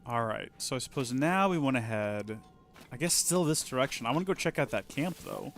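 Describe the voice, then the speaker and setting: A man's voice: mid-range voice, lively intonation, a little fast, a bit bright, soft background music. A man streaming a video game, chatting casually and playfully to himself and his viewers. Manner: playful, talks to himself and the game, jokey asides. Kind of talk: casual let's play commentary.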